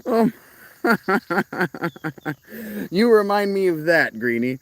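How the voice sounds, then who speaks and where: A man's voice: high voice, big pitch swings, very slow, no echo. Rambling man chatting to a stream. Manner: rambling, self-interrupting, laughs a lot. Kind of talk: casual live-stream chat. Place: outdoors, rural, crickets.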